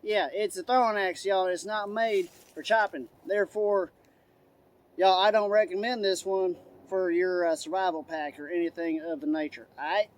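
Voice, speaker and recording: A man's voice: high-pitched, fairly even intonation, moderate pace, lightly acted. A man doing a rowdy, hollering redneck. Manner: hollering, begging, drawling "y'all". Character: excitable loud redneck man, eager and rowdy. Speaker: host. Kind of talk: product review.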